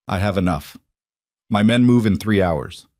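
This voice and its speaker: A man voicing a cold, calculating male crime boss who speaks in measured, menacing tones. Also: lowish voice, darkish tone, no echo, studio quality. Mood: cold menace.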